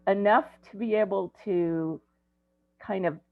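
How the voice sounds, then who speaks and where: A woman in her sixties, an ADHD coach, tells stories in a relaxed, conversational way and often stops for an um. Her voice has a gravelly, creaky edge. The audio is dry and tinny, as if heard over a video call. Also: mid-range voice, unhurried, no echo. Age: 60s. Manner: conversational, storytelling with frequent ums. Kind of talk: presentation to parents.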